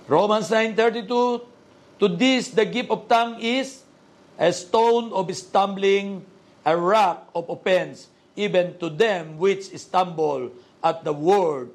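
A man preaching a sermon, quoting scripture and calling out to the congregation. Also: high-pitched. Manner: slow, emphatic preaching with call-and-response asides.

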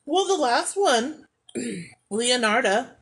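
A woman's voice: on the high side, very animated, slow, a bit bright, breathy edge. Playful woman podcast co-host. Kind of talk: casual chat.

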